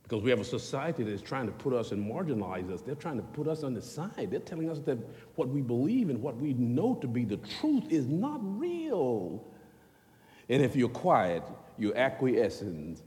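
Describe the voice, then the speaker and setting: A man delivers a sermon in a folksy, animated manner, jumping from loud bursts to quiet asides. His voice sits at a middle pitch but swings widely. The recording carries a long reverb, as in a big hall. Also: normal speed. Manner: animated, folksy, jumps between loud and hushed. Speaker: preacher.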